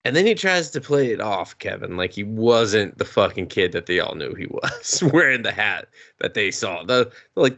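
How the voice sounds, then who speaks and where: A man's voice: mid-range voice, a bit bright. A man co-hosting a podcast, recapping a movie in casual chat, swearing freely and acting out the characters' lines. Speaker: podcast co-host.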